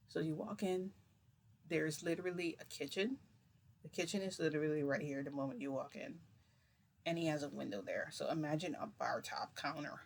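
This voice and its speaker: A woman's voice: low voice, a little hiss or hum. Rambling, chatty woman vlogger. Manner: rambling, chatty, many fillers and restarts. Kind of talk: casual storytelling.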